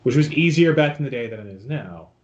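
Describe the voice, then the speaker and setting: A man's voice: medium pitch, lively intonation, fast talker, darkish tone, highs cut off. A man co-hosting a casual podcast, making wry, joking asides. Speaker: podcast co-host.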